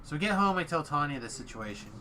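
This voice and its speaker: A man chats casually and tells a story with animation, acting out the lines of the people in it. His voice is bright and forward. A faint hiss of noise sits behind him. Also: a little high, big pitch swings, fast talker. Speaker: streamer telling a story. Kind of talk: casual chat.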